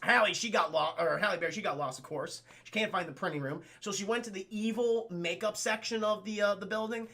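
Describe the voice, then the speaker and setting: A young man rambles through a film recap for his live chat, swearing freely and stopping to address chat. His voice is high and bright, with a gravelly edge. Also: fairly quick, few pauses. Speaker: film reviewer streaming to chat. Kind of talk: casual spoken film review.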